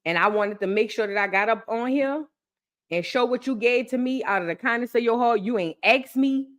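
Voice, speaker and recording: A young woman chatting excitedly with her viewers on a live stream, repeating phrases for emphasis. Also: fairly high pitch, fairly quick. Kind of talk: casual live-stream chat.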